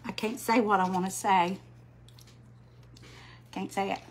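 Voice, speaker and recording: An older woman, chatting slowly on a craft livestream, greeting viewers by name while she paints. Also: medium pitch, steady tone, a little hiss or hum. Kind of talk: casual live-stream chat while painting.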